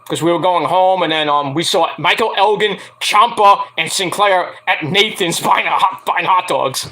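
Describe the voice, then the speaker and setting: A man with a high, bright and somewhat tense voice talks casually to camera. He rambles loosely, swears often and leans on fillers as he runs through his plans. The delivery is loose, unscripted vlog chat. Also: normal speed. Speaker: wrestling review vlogger.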